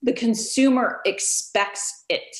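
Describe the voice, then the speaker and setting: A woman realtor, a guest on an interview, telling stories in a lively casual way and acting out what others said, over a video call. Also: fairly high pitch, takes it slowly, roomy sound, low-quality recording. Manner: animated, storytelling, acts out quotes.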